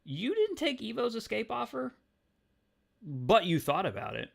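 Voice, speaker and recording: A man voicing a brooding, cocky young superpowered man in a low, muttered delivery. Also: huge pitch swings, a little slow, vocal fry, heavily acted.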